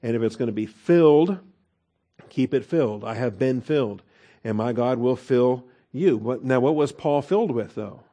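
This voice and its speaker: Mellow-voiced man teaching scripture. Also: medium pitch. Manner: asks rhetorical questions, stresses words slowly. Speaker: Bible teacher. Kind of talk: expository Bible teaching.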